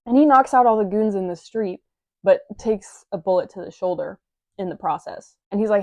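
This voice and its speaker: A woman's voice: mid-range voice, animated, moderate pace, no room sound, highs cut off. A young woman reviewing a manga in a chatty, wry manner with playful asides, reading from a script.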